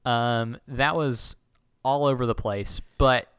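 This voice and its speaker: A man's voice: medium pitch, fairly even intonation, slow, a bit bright, clean tone, no echo. Dry-miked man retelling with laughs. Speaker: podcast co-host. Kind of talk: casual chat.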